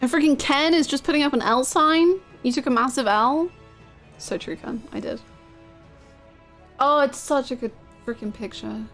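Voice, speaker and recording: Girl streaming and chatting with chat, kinda high voice, excitable, swears a lot. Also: normal speed, long pauses, soft background music. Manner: chatty and gushing, swears freely, laughs often. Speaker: game streamer. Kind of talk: casual live-stream chat with viewers.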